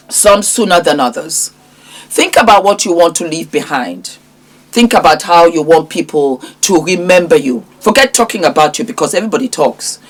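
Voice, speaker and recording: A middle-aged woman, giving impassioned, preachy commentary as a vlogger and scolding a man directly. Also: deep voice. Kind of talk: impassioned social media commentary.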